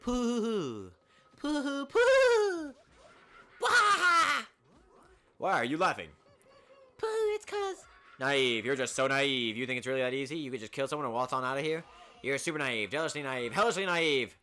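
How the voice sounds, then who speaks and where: A man voicing a gleeful, sadistic robot bear headmaster in a high, squeaky, mocking voice while reading a game aloud. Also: big pitch swings, brisk, pushed and bright. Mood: gleeful mockery. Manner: cackling, taunting and singsong.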